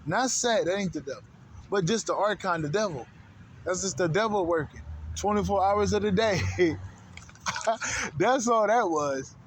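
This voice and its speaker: A man's voice: sits high, expressive, normal speed, long pauses, slight background noise. A man hosting an unscripted spiritual monologue, talking in loose, profane slang, rambling from one thought to the next. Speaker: spiritual channel host.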